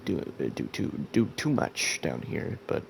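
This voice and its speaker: This gameplay video host, still sleepy from just waking, pokes fun at himself as he chats aimlessly through a let's-play. He speaks low and unhurried with vocal fry, his pitch swooping wildly, and there's slight background noise.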